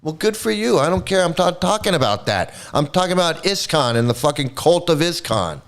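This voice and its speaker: Male streamer host, profane sarcastic rant, animated pitch. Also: fairly quick. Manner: angry, sarcastic, heavy swearing. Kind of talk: profane ranting livestream commentary.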